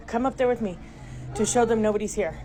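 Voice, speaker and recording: A middle-aged woman filming inside her home on a handheld phone, talking to viewers in a breathless, alarmed, often hushed way. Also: on the high side, normal speed. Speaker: homeowner filming her house. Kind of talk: frightened phone video to viewers. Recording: noisy home phone recording.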